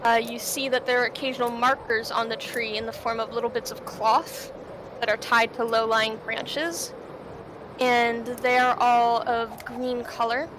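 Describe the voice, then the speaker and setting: A woman runs a tabletop game, narrating the scene slowly and loosely and pausing often with fillers. Her voice sits a little high. Steady background noise runs beneath the recording. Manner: relaxed, unhurried narration with many fillers. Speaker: game master.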